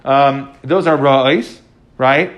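A man's voice: mid-range voice, extremely slow, lo-fi sound. A man teaching a Talmud class, translating the text line by line and explaining it with frequent fillers.

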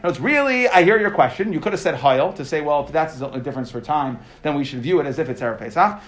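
Man, high voice, daily Talmud class, explains line by line. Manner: explains text line by line, translating and asking questions. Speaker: Talmud teacher.

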